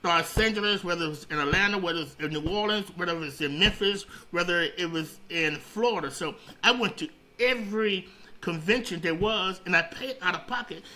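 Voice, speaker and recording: A middle-aged man with a high, very bright and forceful voice tells stories in a casual interview. He rambles, stumbles over restarts and repeats phrases, and gets animated as he goes. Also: a little fast, low-quality recording. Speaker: interview guest, radio founder.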